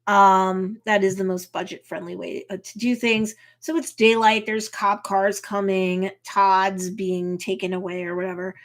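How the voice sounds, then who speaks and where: A woman attorney casually recapping and commenting on a TV episode, chatty and lively, acting out characters' lines. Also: mid-range voice, measured pace, few pauses. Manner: lively storyteller who acts out characters' lines; chatty, with frequent um and you know. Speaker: attorney reacting to a TV series.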